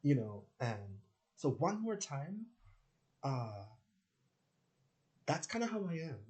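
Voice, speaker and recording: A man's voice: fairly high pitch, very animated, slow, warm tone. A man talking in a casual, rambling monologue, swearing freely and acting out quoted conversations. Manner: rambling and profane, with frequent fillers and voiced quotes. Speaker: spiritual vlogger.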